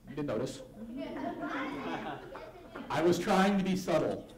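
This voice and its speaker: Playful high-voiced man on an echoey stage. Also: expressive, measured pace, crowd noise. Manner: silly, playful, self-mocking. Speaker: comedy gospel magician. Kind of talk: live stage comedy talk for kids. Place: church hall stage. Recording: echoey hall with music behind.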